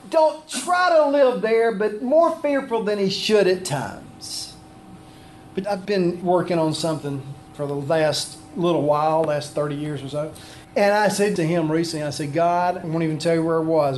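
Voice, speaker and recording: High-voiced preacher. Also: male voice, slight background noise. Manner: preaching with call-and-response questions. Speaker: pastor. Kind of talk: sermon.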